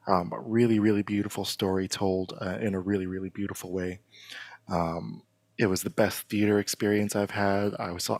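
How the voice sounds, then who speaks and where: A man's voice: lowish voice, vocal fry, no echo. A man hosting a casual podcast chat, talking with enthusiasm and lots of fillers and restarts. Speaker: podcast host.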